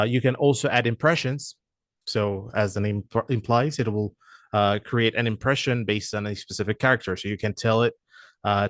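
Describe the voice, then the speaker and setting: A man explaining software features in a walkthrough, hesitant and full of "uh" fillers. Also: on the low side, dry recording, studio quality. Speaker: product presenter.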